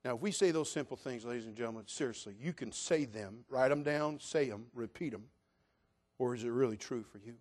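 A man preaching a sermon, telling a personal story in an animated way, going from loud outbursts to quiet, prayerful asides. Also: mid-range voice, brisk. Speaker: pastor.

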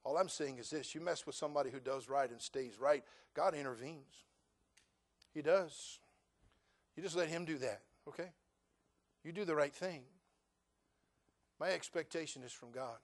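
Middle-aged pastor guy preaching, kinda high voice, jokey and folksy, acts out little conversations, builds up loud. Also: moderate pace, long pauses. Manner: animated preaching, acts out dialogue, rises to loud fervent climaxes; folksy and joking with the congregation. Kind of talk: sermon.

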